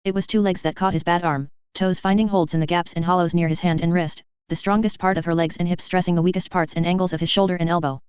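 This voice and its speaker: Woman audiobook narrator, brisk steady read, slightly dull lo-fi audio. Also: on the low side, clear, resonant tone, no echo. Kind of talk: scripted narration.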